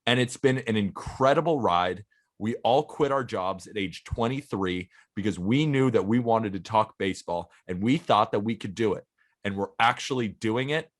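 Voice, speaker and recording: A man's voice: lowish voice, normal speed. A man in his twenties co-hosting a casual podcast, earnest and eager, talking in long runs. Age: 20s. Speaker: podcast co-host.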